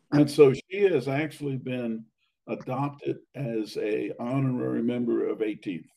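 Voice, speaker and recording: An older man reminiscing about his academy days, halting with many fillers and restarts, his voice going hoarse and his throat needing clearing. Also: mid-range voice, warm tone, poor audio. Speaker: interviewee, academy alumnus. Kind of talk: reminiscing conversation.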